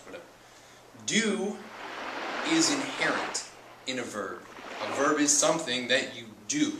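A male teacher walks through a lesson patiently, repeating words and spelling out their endings. His voice sits at an ordinary pitch but sounds roomy and set back from the mic. Steady noise runs under it. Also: distant mic. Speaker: Spanish teacher. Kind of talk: explanatory lesson. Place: outdoors at a beach.

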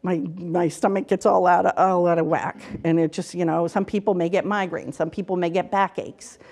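Speaking at normal speed with fairly even intonation, a middle-aged woman with a lowish, darkish voice is interviewed casually in a local TV studio. An author and counselor, she offers advice earnestly, repeating words and acting out quoted dialogue.

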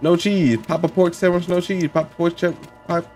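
A man's voice: high voice, fairly even intonation, normal speed, darkish tone, faint music behind. Young man chanting game commentary. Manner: repeats lines in chanting bursts, talks along with the game. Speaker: gaming channel host. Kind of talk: let's play commentary.

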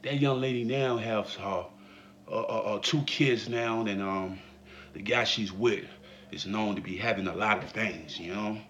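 A man giving a comedic commentary vlog, laughing and breaking into mock shouts. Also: lowish voice, a little slow, dull audio, a little hiss or hum. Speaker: vlogger.

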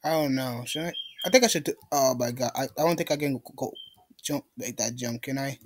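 A man's voice: medium pitch, a little fast. A young man giving let's play commentary, ranting in frustration and pleading with the game. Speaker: gamer.

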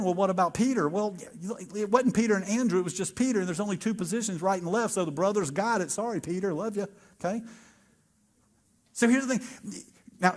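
A man preaching a conversational sermon as pastor, acting out biblical dialogue with lively asides. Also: high-pitched.

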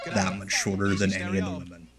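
A man's voice: sits low, completely flat delivery, quick pace. A man hosting a live stream, chatting casually and joking about old wrestling footage, with rambling asides and restarts. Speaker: stream host riffing on old wrestling shows. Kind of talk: casual commentary chat.

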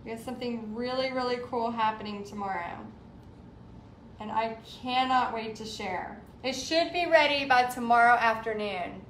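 A woman's voice: on the high side, normal speed, a bit bright, slight background noise. A woman, hosting a casual live art stream and chatting as she reads viewer comments aloud. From Texas. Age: 40s. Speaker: art livestream host. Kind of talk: casual live craft demo chat. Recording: roomy livestream sound.

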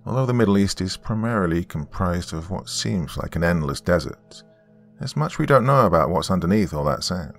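A man narrating a horror story in an expressive, scripted storytelling way. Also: low voice, fairly quick, gravelly. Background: faint background music.

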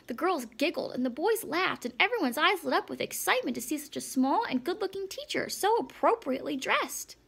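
A woman reading a children's storybook aloud, with a high voice and a strongly gravelly, creaky texture. Her reading is measured and lightly expressive. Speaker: audiobook narrator. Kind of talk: storybook narration.

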